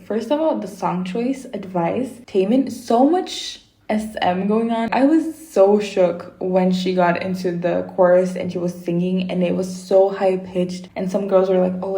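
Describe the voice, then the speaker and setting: A woman's voice: mid-range voice, mellow, echoey room. A woman giving casual, opinionated commentary as a vlogger, chatty and full of praise. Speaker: vlogger reviewing performances.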